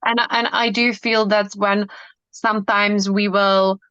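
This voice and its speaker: A woman's voice: mid-range voice, level tone, slow pace, bright, forceful tone, clear, resonant tone, dry recording. A woman speaking as a hypnotherapist guest in a casual interview, earnest and enthusiastic, with many fillers. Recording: dull lo-fi dry sound.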